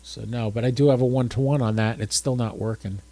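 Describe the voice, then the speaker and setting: A man's voice: mid-range voice, fairly even intonation, quick pace, warm tone. A drowsy, tired man hosting a casual livestream, chatting and thinking aloud as he works his ham radio gear. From United States.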